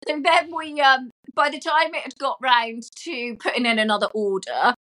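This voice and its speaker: A woman's voice: high voice, fairly even intonation, moderate pace, pushed and bright. A woman guesting on a podcast, telling stories in a chatty way and laughing as she talks. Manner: chatty storyteller, laughs while talking. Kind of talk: casual chat.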